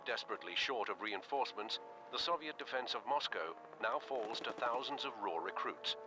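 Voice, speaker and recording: A man delivering grave, measured scripted narration for a war game's intro. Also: medium pitch, expressive, over music, close to an everyday voice.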